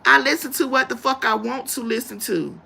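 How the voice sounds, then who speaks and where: A woman rants on her own livestream, blunt, confrontational and full of profanity. Her voice sits high and sounds bright and edgy, with a gravelly fry running through it. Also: fairly quick. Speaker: livestream host. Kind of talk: ranting live-stream commentary.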